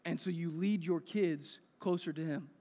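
A man's voice: on the high side, normal speed, warm tone. A man preaching a sermon as a pastor in a church hall. He talks in an earnest, conversational way and builds to emphatic peaks. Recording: echoey hall reverb.

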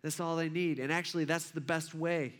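A man's voice: fairly high pitch, steady tone, a little fast. A man in his thirties preaching a sermon, telling a family story in a loose, conversational way full of fillers and restarts. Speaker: pastor.

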